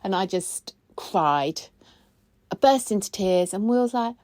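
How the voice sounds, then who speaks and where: Chatty female host, expressive, medium pitch, dry recording. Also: takes it slowly, no room sound. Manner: chatty and expressive, pitch jumps high when excited. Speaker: podcast host, spiritual coach. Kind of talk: casual weekly chat.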